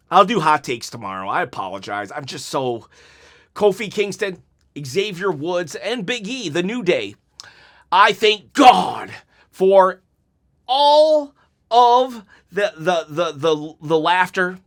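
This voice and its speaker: A man with a high voice talks straight to his viewers in a heated, emotional rant. He keeps restarting his sentences as his frustration spills out. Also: fairly bright tone. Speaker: wrestling YouTuber. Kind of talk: ranting reaction vlog.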